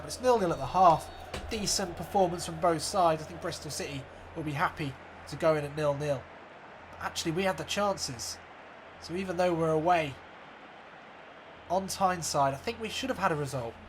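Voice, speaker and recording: Excitable man commentating his own game. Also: on the high side, slight background noise. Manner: excitable self-made match commentary, rising to near-shouts at chances. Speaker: gaming YouTuber. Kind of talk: let's play commentary.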